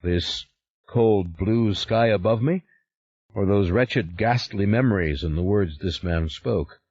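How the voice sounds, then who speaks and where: A man's voice: on the low side, slow pace, a little mellow, lo-fi sound. A man narrating a thriller audiobook in the first person, with a grave, brooding reading.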